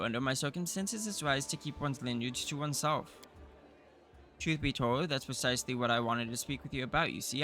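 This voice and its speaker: A man's voice: medium pitch, fairly bright tone, lightly acted. Man reading a confident young noble heir. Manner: confident, persuasive. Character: young male noble heir traveling incognito, self-assured. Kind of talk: reading game dialogue aloud.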